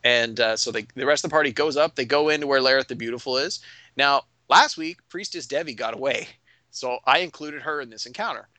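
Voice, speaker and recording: A man's voice: mid-range voice, fairly quick, no room sound. A man who runs a tabletop game, casually retelling a session and acting out the players as he goes. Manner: animated, acts out players and characters. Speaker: game master. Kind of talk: casual storytelling recap.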